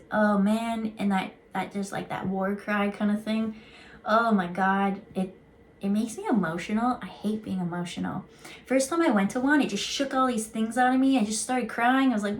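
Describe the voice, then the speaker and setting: A woman at a mid pitch chats her way through an intuitive card reading, rambling from thought to thought. She drops in casual swear words. Her talk is loose and unscripted, with a faint hiss of noise behind her.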